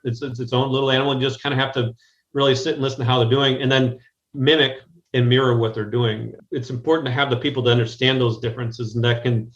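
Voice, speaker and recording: A man's voice: medium pitch, a bit bright, echoey room, muffled recording. An American man speaking as a guest in a conversational interview, talking directly and often restarting his sentences. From United States. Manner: rambling, frequent restarts, direct. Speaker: guest business strategist. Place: Chicago, remote call.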